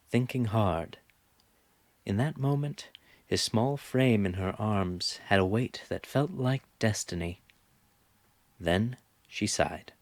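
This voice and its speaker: Audiobook narrator: man, low register, unhurried, expressive delivery. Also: no echo. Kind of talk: scripted narration.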